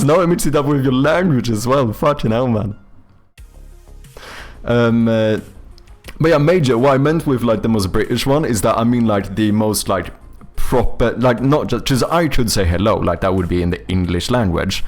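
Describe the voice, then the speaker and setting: A man's voice: mid-range voice, normal speed, faint music behind. A young man, chatting casually with viewers while making a game on stream, rambling and joking with casual swearing.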